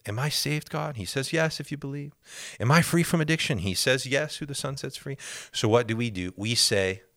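A man's voice: medium pitch, moderate pace, gravelly, bright, forceful tone, no echo, clean studio sound. A man hosting a faith podcast, teaching in an earnest way, repeating key phrases and acting out prayers in the first person. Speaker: podcast host.

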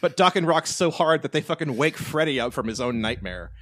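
A man co-hosts a casual podcast with an animated, joking delivery and the odd curse. His voice sits a bit high for a man, and the recording is dry and close, with no room sound. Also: a little fast, no room sound. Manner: animated, profane, joking, breaks into shouted bits. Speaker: podcast co-host. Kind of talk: casual chat.

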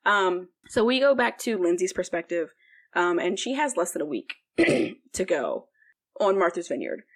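A woman's voice: lowish voice, sing-song, measured pace. A young woman co-hosting a podcast, recapping a book in a rambling casual chat full of fillers. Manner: rambling, heavy use of "like", frequent fillers. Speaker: podcast co-host.

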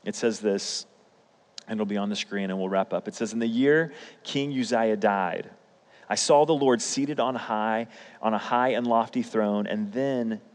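A man's voice: on the low side, fairly even intonation, measured pace. A young man preaching a sermon, telling personal stories in a casual, emphatic way. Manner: storytelling, conversational, emphatic. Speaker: pastor. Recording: hall reverb.

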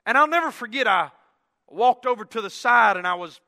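High bright-voiced preacher man. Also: expressive, brisk, creaky, long reverb tail. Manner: swings from loud exclaiming to hushed tones. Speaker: pastor. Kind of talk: sermon storytelling. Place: church sanctuary.

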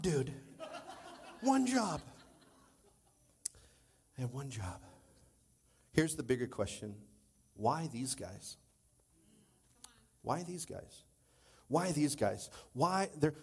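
Animated high-voiced male pastor preaching. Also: husky. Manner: animated, swings from loud exclamations to low asides. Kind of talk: sermon. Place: church.

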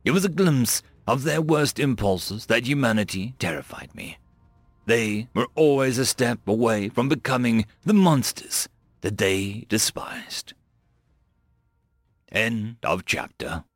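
A male narrator telling a science-fiction audiobook with a gravelly voice that rises and falls widely. The close, dry recording carries faint music underneath. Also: mid-range voice, expressive, slow pace, no room sound.

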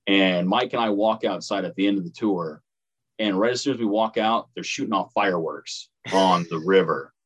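This podcast co-host, a man in his thirties with a Midwestern American accent, chats casually through a travel story, laughing readily. His voice sits low with a breathy edge and moves at normal speed, captured in low quality.

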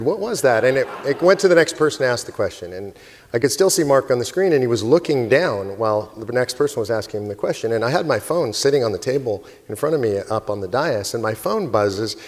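A man and organization president telling an animated story in a speech to a live audience, laughing often as he goes. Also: mid-range voice, fairly quick. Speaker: convention speaker and organization president. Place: conference hall stage. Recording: long hall reverb with faint crowd.

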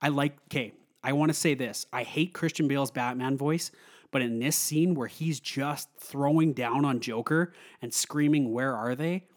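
Excited man rambling about a film. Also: mid-range voice, normal speed. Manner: excited, rambling, many fillers. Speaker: film reviewer. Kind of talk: casual film review monologue.

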